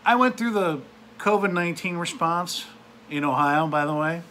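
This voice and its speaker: A man's voice: on the high side, moderate pace, bright, forceful tone, a little hiss or hum. A man from the United States venting in an angry, profane, sarcastic rant to camera. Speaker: vlogger. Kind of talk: angry ranting monologue.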